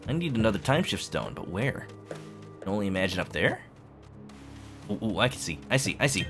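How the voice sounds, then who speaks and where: A man streams a video game with game music underneath, chatting casually and explaining things to viewers as he plays. His fairly low voice has a sing-song quality and runs a little fast.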